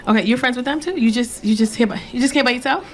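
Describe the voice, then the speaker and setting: A woman's voice: fairly high pitch, racing. Brash woman doing stand-up. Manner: brash, profane, acts out the story. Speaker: stand-up comedian. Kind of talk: stand-up storytelling. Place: comedy club stage. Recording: live club with audience laughter. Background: audience laughing.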